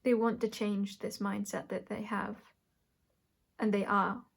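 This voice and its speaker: Woman doing a tarot reading, mid pitch, keeps rephrasing herself, thinking out loud. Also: level tone, a little slow, vocal fry, breathy edge. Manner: searching, self-correcting, thinks aloud with soft laughs. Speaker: tarot reader. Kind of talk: intuitive tarot reading to camera.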